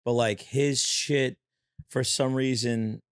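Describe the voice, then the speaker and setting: A man's voice: mid-range voice, steady tone, slow pace, smooth, no room sound, studio quality. A man hosting a podcast in casual chat, teasing and skeptical with his guest. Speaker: podcast host.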